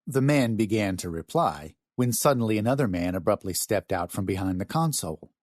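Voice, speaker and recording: A man narrating a novel in an expressive storytelling manner, close to a studio mic. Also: low-pitched, a little fast, dry recording. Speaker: audiobook narrator. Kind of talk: scripted narration.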